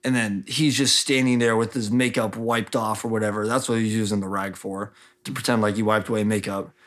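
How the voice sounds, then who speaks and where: A man's voice: on the low side, fairly even intonation, fairly quick. A man hosting a podcast, casually recapping chapters of a novel in a loose, slangy, chatty way. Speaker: podcast host. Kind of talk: casual book-club recap.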